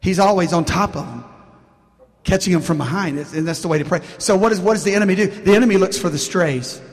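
Male pastor, high voice, animated call-and-response preaching, long church-hall reverb. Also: fast. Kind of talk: sermon. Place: church sanctuary.

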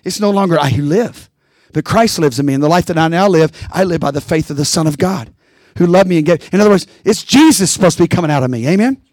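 Male pastor, high voice, rousing preaching, keeps asking the congregation if they're with him. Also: animated, fast, hardly any pauses, a little mellow, no room sound, clean studio sound. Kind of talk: sermon.

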